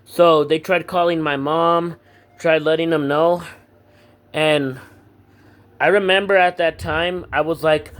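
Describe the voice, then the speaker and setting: A man's voice: fairly high pitch, fairly even intonation, slow, pauses often, a bit bright. A teenage boy telling a personal story to camera in a casual vlog, rambling with lots of fillers and blunt swearing. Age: teens. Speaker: vlogger.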